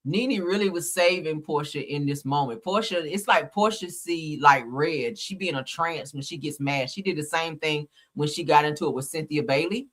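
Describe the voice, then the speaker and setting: A woman's voice: low-pitched, normal speed, hardly any pauses. Chatty woman hosting a gossip stream. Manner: chatty, slangy, opinionated. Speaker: channel host. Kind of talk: casual reality TV commentary livestream.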